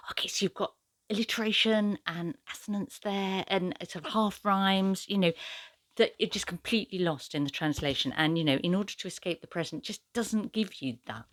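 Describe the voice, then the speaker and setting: A woman's voice: on the low side, a little fast, fairly bright tone, no room sound. A woman book vlogger talking casually about poetry in translation, chatty and hesitant with many fillers. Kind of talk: casual book review talk.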